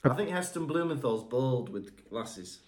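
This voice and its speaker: A man's voice: medium pitch, expressive, unhurried. A man co-hosting a podcast, chatting casually and teasing his partner before signing off. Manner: chatty, teasing, throws in suggestions. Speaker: podcast co-host. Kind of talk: casual podcast chat and sign-off.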